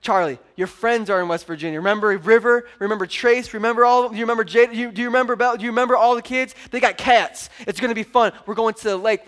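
A high-pitched man in his thirties delivers a sermon as a pastor. He tells stories with animated energy, dropping low and quiet, then surging loud and excited as he urges the crowd on. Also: fast, hardly any pauses. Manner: animated storytelling, acts out his daughter's voice.

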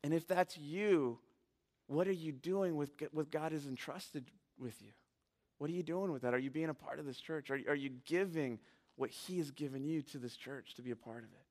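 A man preaching in a church sanctuary, his voice sitting a little higher than typical for a man. He tells stories with lively animation and challenges the congregation with earnest, direct questions. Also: moderate pace. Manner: animated storytelling, rising to near shouting at emotional peaks. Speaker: pastor. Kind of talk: sermon.

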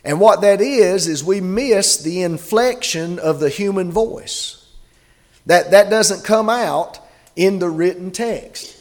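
A man preaching a sermon in a conversational way, reading scripture aloud slowly. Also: high-pitched. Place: church gathering.

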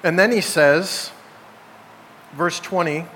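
A man's voice: fairly high pitch, slow pace, a bit bright. A man preaching a sermon as pastor, emphatic and posing rhetorical questions to his congregation. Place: church sanctuary. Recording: long hall reverb, faint background noise.

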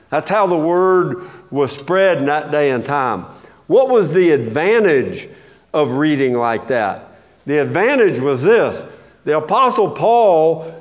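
A man, a pastor, preaching an expository sermon with emphasis, posing rhetorical questions and answering them himself. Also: fairly high pitch.

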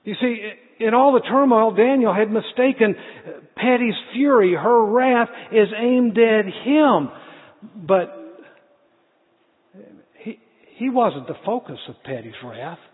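Middle-aged guy preaching, kinda high voice, husky, sounds like a phone line. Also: expressive, slow. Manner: earnest storytelling with restarts. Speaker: pastor. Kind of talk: sermon. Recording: tinny phone-like sound in a reverberant hall.

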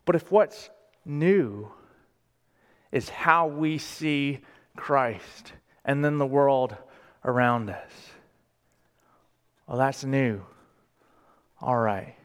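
A man preaching a sermon as pastor, speaking deliberately and with emphasis, asking the congregation questions in a church sanctuary. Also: medium pitch, clear, resonant tone. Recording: long reverb of a large hall.

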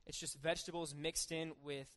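A young man with a somewhat high voice delivers a laid-back sermon. He reads the passage and then retells it informally, slipping into everyday voices for the people in the story. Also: level tone, fairly quick, a bit bright. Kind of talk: casual sermon with scripture reading.

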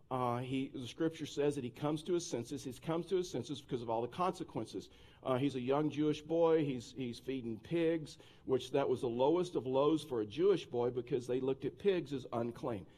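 A man's voice: medium pitch, a little mellow. A male pastor preaching a sermon in a conversational style, with frequent restarts.

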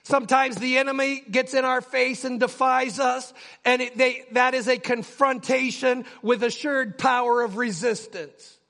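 An older man, a pastor, preaching a sermon with passion that builds toward near shouting. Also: extremely high pitch, fairly even intonation, unhurried, gravelly.

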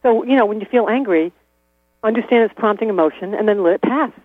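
A man's voice: sits high, fast talker, dry recording. A man talking casually as an interview guest, chatty, laughing often and restarting his sentences. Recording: tinny phone-like line with mains hum.

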